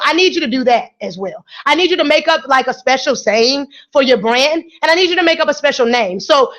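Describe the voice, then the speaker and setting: A woman hosting a radio show, giving energetic, playful motivational talk to her listeners. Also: high-pitched, dull audio. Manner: energetic, playful, preachy and encouraging.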